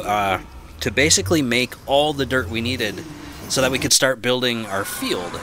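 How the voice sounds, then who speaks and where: A man casually commenting on his own gameplay, chatty and quick to yelp and laugh. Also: on the low side. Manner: chatty, easily excited, yelps and laughs. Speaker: gaming channel host. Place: home room with an aquarium. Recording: noisy home recording, aquarium drip behind. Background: dripping aquarium water.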